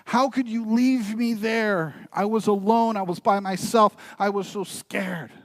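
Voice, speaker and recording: A man's voice: sits high, steady tone, unhurried, dry recording, voice pushed up. A man doing a frightened, upset young boy. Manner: pleading and upset. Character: scared, angry young boy.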